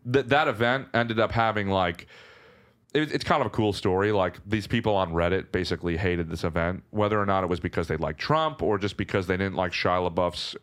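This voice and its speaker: Low voiced young guy rambling through a wild story, lots of likes and restarts. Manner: animated, many "like" fillers and restarts. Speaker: podcast guest. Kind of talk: casual storytelling.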